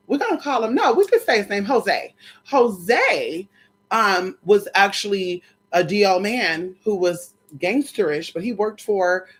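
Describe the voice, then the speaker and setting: A young adult woman telling a personal story to her viewers in a sassy, animated way, often calling them "girl" and "y'all". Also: mid-range voice, husky. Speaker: storyteller vlogger.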